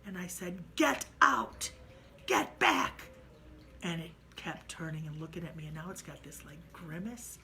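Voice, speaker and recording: A woman's voice: low voice, fairly even intonation, brisk, hardly any pauses, low-quality recording. Woman telling a dramatic ghost story. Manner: dramatic, shifts between hushed and loud.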